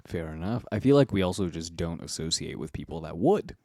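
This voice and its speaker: A man's voice: low-pitched, animated, fairly quick, mellow, no room sound, studio quality. A man co-hosting a casual podcast, laid-back and joking, swearing freely. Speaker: podcast co-host. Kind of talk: casual chat.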